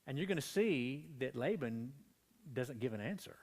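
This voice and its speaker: A man's voice: medium pitch, moderate pace. A man preaching a midweek Bible study in a church, reading scripture with growing intensity and a strained voice. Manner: animated, reads scripture with rising intensity. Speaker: pastor.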